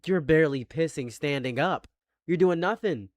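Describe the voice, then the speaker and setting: A man's voice: on the high side, animated, normal speed, a little mellow, no echo, clean studio sound. A man streaming live commentary, stammering through restarts and building into exasperated rants.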